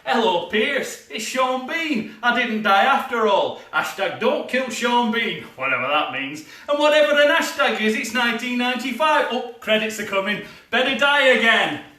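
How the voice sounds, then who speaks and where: A man putting on a cocky male villain, a traitor spy, declaiming slowly with drawn-out words. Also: high voice, big pitch swings, bright, forceful tone, voice pushed up, heavily acted. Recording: echoey room, distant mic.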